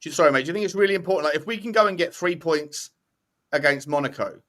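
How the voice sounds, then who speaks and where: A man's voice: a little high, fast, fairly bright tone. A man, a fan podcast panelist in casual football debate, thinking aloud and often correcting himself.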